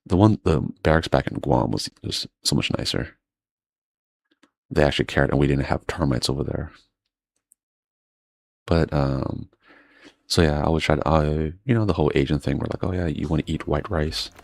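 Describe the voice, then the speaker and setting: A man's voice: rumbling low, moderate pace, creaky, pauses often, a little mellow, no echo. A man chatting casually while he plays a game, meandering between stories and swearing freely. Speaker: gaming streamer. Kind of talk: casual rambling chat while playing.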